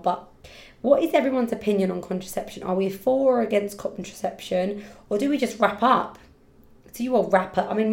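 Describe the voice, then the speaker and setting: A woman chats through a casual solo podcast, her voice mid-pitched and loose. She rambles from story to story, laughs easily and gets loud in excited bursts. The room rings with a roomy echo around her. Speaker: podcast host and hairdresser.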